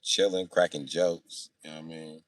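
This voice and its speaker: A young man on a casual live stream, reading chat and telling profane, boastful stories, swinging between loud outbursts and low mutters. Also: steady tone, moderate pace, dry recording, clean studio sound.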